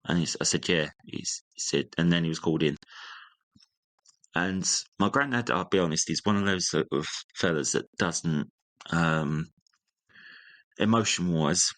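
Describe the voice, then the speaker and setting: Low-voiced man telling a story. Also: normal speed, pauses often, no room sound. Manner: animated retelling, acting out family members' lines. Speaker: guest. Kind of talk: casual storytelling.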